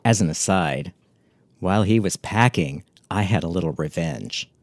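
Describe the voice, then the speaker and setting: A middle-aged man telling a memoir story in a wry, catty, deadpan way. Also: deep voice, moderate pace, no echo.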